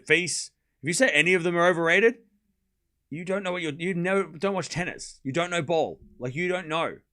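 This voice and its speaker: Man streaming tennis commentary, slightly high voice, loud excited point calls, blunt casual chat asides. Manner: excited play-by-play, then ranting casually at chat. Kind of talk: live watchalong commentary with chat.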